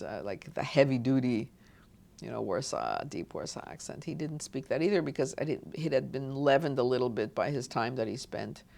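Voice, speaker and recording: A woman's voice: a bass voice, vocal fry, a little mellow. A woman from Montreal, an oral history interviewee, reminiscing in a rambling way with frequent restarts and asides. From Montreal, Canada.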